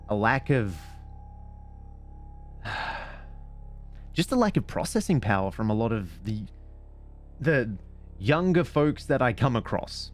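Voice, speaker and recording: A man reads stories aloud and comments on them during a stream, rambling off on digressions and poking fun at himself. His voice sits at a middling pitch but swings widely as he goes. Soft music plays faintly in the background. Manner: animated, digressive, self-mocking. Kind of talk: casual commentary and story reading.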